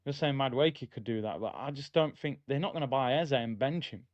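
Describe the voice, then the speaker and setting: A young man streams a live football watchalong, reacting casually, getting loud at chances, and reading out chat messages. His mid-range voice moves fairly quickly, captured dry and muffled on a streaming mic.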